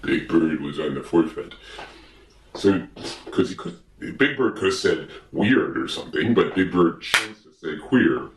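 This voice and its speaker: A man's voice: sits low, animated, measured pace, echoey room, distant mic, background noise. A man telling a comic story in a meandering way, full of fillers and self-corrections. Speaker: comedic storyteller.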